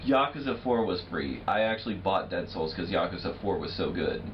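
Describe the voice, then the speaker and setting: Young male podcast co-host, rambling and hesitant, lowish voice, distant noisy mic. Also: fairly quick, dull audio. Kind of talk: casual chat.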